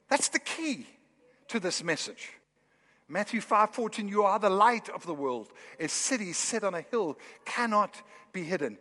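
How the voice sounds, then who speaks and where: A man preaching a sermon in a church, with animated, building emphasis. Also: high-pitched, measured pace, big-room sound. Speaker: pastor. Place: church hall.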